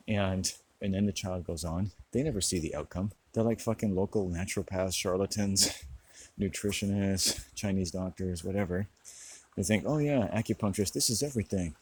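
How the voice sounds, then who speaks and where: Deep raspy guy rambling on, cussing, sarcastic, laughs at his own bits. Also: darkish tone, rough recording. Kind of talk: rambling monologue rant.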